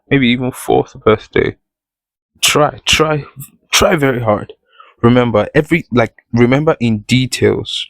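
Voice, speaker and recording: A man's voice: on the low side, creaky, no echo, low-quality recording. A man hosting his own podcast, talking straight to the listener in a playful, conversational way. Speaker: podcast host. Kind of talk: solo podcast monologue.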